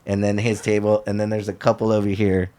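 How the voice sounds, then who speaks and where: A podcast guest on a talk show, this man speaks in a lowish voice and at a fast clip. He tells a story casually, a lively narrator acting out other people's lines in loose, slangy fashion.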